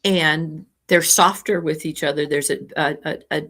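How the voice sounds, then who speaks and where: Female co-host with a slightly low pitch; reflective, affirming, and rambling in casual talk. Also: fairly even intonation, normal speed, fairly bright tone. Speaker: podcast co-host. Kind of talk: casual conversation.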